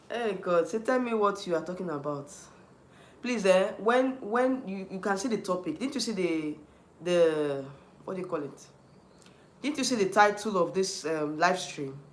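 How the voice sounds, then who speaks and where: A man's voice: high voice, animated, unhurried, long pauses, reverberant. A man with a Nigerian accent hosting a livestream, ranting heatedly, repeating himself and restarting often while answering chat. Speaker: YouTube livestream host.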